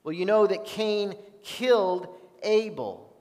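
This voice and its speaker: A man preaching a sermon as pastor, earnest and unhurried, reading Bible passages aloud. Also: sits high, animated, darkish tone. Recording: long reverb of a large hall.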